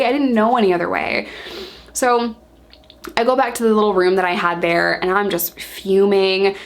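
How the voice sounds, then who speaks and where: A young woman telling her own story to camera in casual talk, animated and acting out what she once said. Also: mid-range voice, normal speed. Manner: animated, acts out her own past lines.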